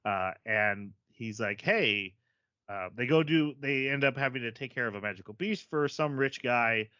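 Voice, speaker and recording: A man co-hosting a podcast, chatting casually about an anime, animated and self-deprecating, laughing at himself often. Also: mid-range voice, normal speed, no room sound, dull audio. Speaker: podcast co-host. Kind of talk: casual chat.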